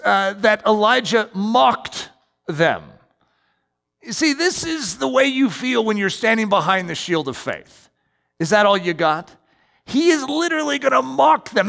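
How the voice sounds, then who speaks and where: A man preaching a sermon as pastor, animated, with sudden emphatic rises in his delivery. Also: high voice. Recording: long hall reverb.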